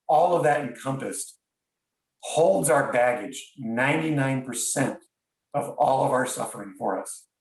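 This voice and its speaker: A man, a podcast guest, tells a personal story in an earnest, reflective way, often stopping and restarting his sentences. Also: mid-range voice. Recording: roomy sound, distant from mic.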